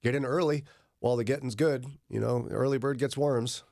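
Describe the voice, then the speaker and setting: A man's voice: mid-range voice, fairly even intonation, brisk, gravelly, darkish tone, dry recording. A man hosting a morning radio show in the studio, chatting casually and joking with his co-hosts, laughing often. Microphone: studio microphone.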